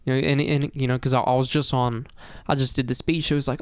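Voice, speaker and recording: A young man tells a story in a loose, rambling way, packing his talk with "you know," "dude" and "bro." His voice sits at an ordinary pitch and sounds close and dry, with no room around it. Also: flat delivery, quick pace, smooth, no echo. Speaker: vlogger. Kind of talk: casual storytelling monologue.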